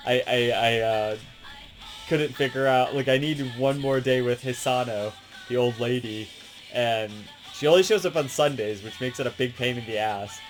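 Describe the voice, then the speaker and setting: A gaming channel host rambling casually and excitedly about a favorite game, swearing a lot and laughing often, with faint music behind. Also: medium pitch, moderate pace.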